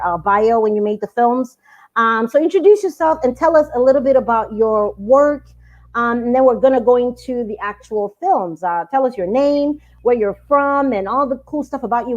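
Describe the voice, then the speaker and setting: A bubbly, enthusiastic woman hosts a live online chat in a fairly high voice. The sound is dull and lo-fi, like a video call. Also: a little mellow. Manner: bubbly, enthusiastic, laughs often. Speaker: host. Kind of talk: casual live online interview.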